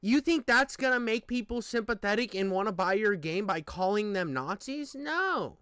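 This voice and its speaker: A young man gives heated casual commentary on a video, cursing and exasperated, with lots of fillers and restarts. His high-pitched voice is animated, sharp, clear and resonant, moving at a moderate pace, with no echo.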